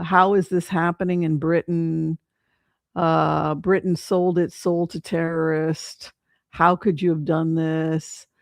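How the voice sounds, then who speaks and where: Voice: medium pitch, vocal fry, dry recording, clean studio sound. A tarot reader hosting a casual livestream, chatting in a rambling, hesitant way with lots of fillers and restarts, adding incredulous asides.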